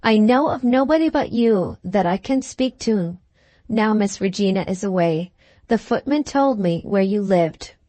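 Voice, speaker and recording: A woman's voice: mid-range voice, lively intonation, measured pace, no echo, close to an everyday voice. A woman voicing an anxious young maidservant who speaks hesitantly and apologetically. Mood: troubled. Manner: hesitant and apologetic, addressing a gentleman as sir.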